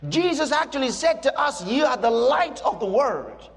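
A man preaches a sermon in a very high, lively voice, hammering home short emphatic declarations. His voice carries a long hall reverb, with soft music underneath. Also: moderate pace.

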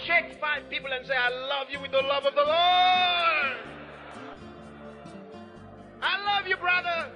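High-pitched shouting male preacher. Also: steady tone, takes it slowly, pauses often, faint music behind. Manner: shouting, repeating phrases in bursts. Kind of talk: fiery sermon. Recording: dull lo-fi sermon recording.

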